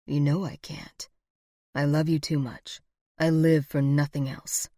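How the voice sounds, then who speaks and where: A woman voicing a manipulative, smooth-talking villainous man in low, soft, menacing tones. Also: level tone, a little slow, no room sound, clean studio sound. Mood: threatening.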